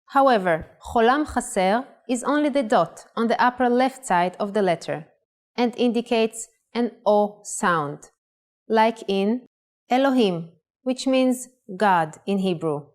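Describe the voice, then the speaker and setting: A woman presenting a scripted language lesson, pronouncing words clearly and carefully. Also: fairly high pitch, animated, a little slow. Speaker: language teacher.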